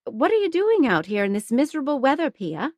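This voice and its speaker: A woman narrator voicing a genteel middle-aged lady who fusses brightly. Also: high voice, sing-song, brisk, no room sound, clean studio sound, pitched above the performer's own voice. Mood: fussing. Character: middle-aged genteel doctor's wife, fussing.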